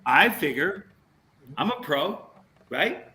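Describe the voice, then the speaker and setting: A man's voice: a little high, slow pace, poor audio. A man telling a story in casual chat, acting out what people said to him. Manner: animated storyteller, acts out quotes.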